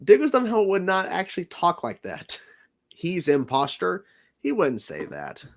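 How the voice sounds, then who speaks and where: A man's voice: high-pitched, wildly swooping pitch, moderate pace. Rambling man chatting on a livestream. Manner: laughs often, rambling with restarts and fillers. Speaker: livestream host. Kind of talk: casual livestream chat.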